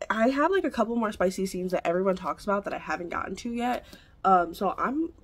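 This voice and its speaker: A young woman chatting casually in a book vlog, gushing and excitable, full of fillers and quick asides. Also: medium pitch, slightly rough. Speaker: book vlogger.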